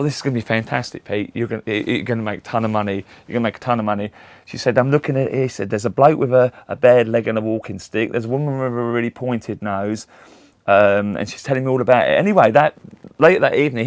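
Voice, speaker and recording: A man's voice: medium pitch, quick pace, no echo. A middle-aged man, telling rambling anecdotes in a casual interview and acting out the voices of the people in them. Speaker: interview guest, tribute act for a famous singer.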